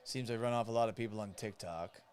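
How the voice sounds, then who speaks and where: A man's voice: on the low side, fast, darkish tone. A man hosting a live podcast watch party, reading viewer comments and commenting on the game in a casual, joking way, swearing freely. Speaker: podcast host.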